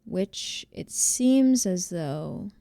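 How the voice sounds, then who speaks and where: A young woman from New Jersey, USA, streams and chats casually with her viewers, reading their messages and rambling with lots of fillers. Her voice is on the low side, dark and expressive, with vocal fry, and she speaks very slowly. There is no echo.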